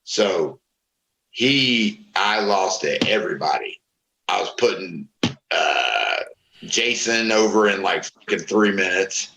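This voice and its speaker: Low, creaky, and slow, the man's voice comes through poor, reverberant audio with a little hiss or hum. He's a middle-aged former pro wrestler from Florida, guesting in a casual interview and telling profane stories with animated, voiced quotes.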